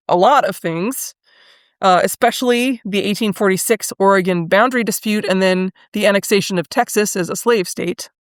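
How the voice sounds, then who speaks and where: A woman's voice: mid-range voice, no room sound, studio quality. Thoughtful woman hosting a history podcast. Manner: thoughtful, conversational, with fillers and pauses. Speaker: podcast host. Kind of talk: solo history podcast commentary.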